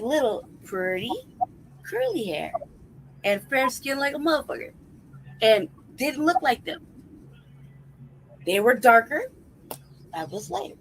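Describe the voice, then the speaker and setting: A woman's voice: a little high, a little hiss or hum, poor audio. A woman co-host in crude casual banter, swearing freely and laughing often. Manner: profane, laughs often, drawls slowly.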